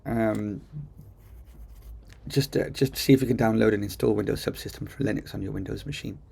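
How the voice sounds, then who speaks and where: Chatty guy doing a coding tutorial on screen, gravelly voice, lots of ums. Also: lowish voice, moderate pace, warm tone. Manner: chatty, enthusiastic, thinks aloud with ums. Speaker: coding teacher. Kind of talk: casual screen-recorded tutorial. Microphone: computer mic while screen recording.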